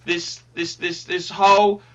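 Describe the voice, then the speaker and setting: A man's voice: sits high, level tone, a little slow, fairly bright tone, highs cut off. A man hosting a livestream, chatting casually and reading out donations, rambling and swearing freely. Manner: rambling, effusive, swears often. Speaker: livestream host.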